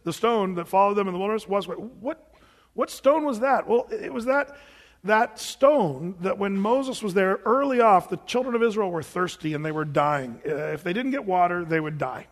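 High-voiced preaching man in a reverberant hall. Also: lively intonation, moderate pace. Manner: rhetorical questions and dramatized retellings. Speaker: pastor. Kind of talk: sermon.

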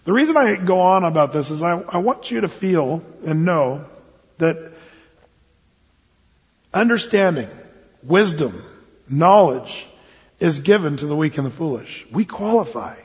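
A man's voice: a little high, expressive, a little slow, pauses often, slightly rough. A man preaching a sermon as a pastor, in a folksy, self-deprecating, conversational way. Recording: dull lo-fi, long hall reverb.

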